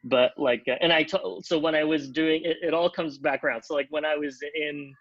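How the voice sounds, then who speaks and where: A man telling a long anecdote on a podcast, animated, acting out the other people in pitched-up voices and leaning on "like" as he talks. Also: brisk, no room sound, highs cut off. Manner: animated, acts out quotes in pitched-up voices, many "like" fillers. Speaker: podcast guest, TV comedy writer. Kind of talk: casual storytelling.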